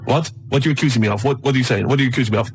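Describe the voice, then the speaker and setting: A man's voice: mid-range voice, rapid-fire, slight background noise, natural voice. A man putting on the voice of an angry male shoplifter who keeps protesting that he is being accused of stealing. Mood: indignant. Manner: indignant, repeating protests.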